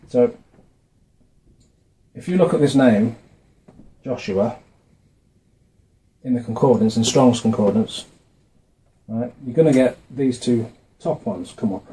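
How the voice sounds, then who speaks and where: Man, mid-pitched, dark mellow tone, casual talk from notes, halting with ums. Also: rough recording. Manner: hesitant, with frequent fillers and restarts. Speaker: video maker explaining a religious topic. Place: indoors, dim room. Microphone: camera mic, facing camera.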